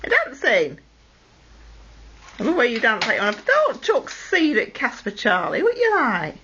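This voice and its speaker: Lively high-voiced woman cooing at parrots. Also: moderate pace. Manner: coaxing, affectionate scolding. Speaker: pet owner. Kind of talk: baby talk to pet parrots. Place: home room with parrot cages. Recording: lo-fi 2008 home video with faint noise.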